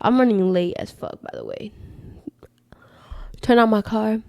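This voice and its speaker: A woman's voice: medium pitch, measured pace, gravelly, no echo, studio quality. A woman co-hosting a podcast, telling stories casually with lots of swearing. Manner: profane, animated storytelling. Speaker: podcast co-host. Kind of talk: casual chat.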